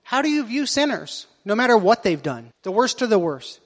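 His sermon has a sing-song lilt and a moderate pace, voiced very high by a male pastor. He repeatedly asks his congregation rhetorical questions, and the sound rings through a church hall with a long reverb tail.

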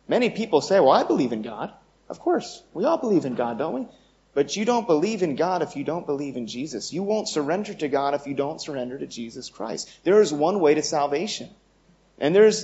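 A man's voice: a little high, a little mellow. Earnest male preacher, dull lo-fi sound. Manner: earnest, rising to bold emphatic declarations. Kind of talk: sermon.

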